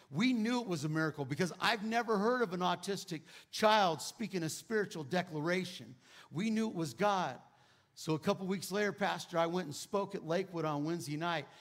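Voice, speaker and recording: A middle-aged male pastor preaching a testimony, moving between hushed quoted prayers and loud exclamations. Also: sits high. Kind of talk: sermon testimony.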